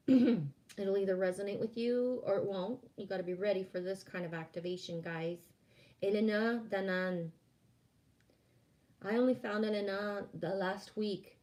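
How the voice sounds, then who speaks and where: Woman streamer from Quebec, French her first language, casual rambling chat with viewers, laughs easily, mid-pitched voice. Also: a little slow, pauses often, mellow. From Quebec, Canada. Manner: chatty and rambling, frequent laughter and restarts. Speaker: livestream host. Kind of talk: casual livestream chat, reading out viewer comments.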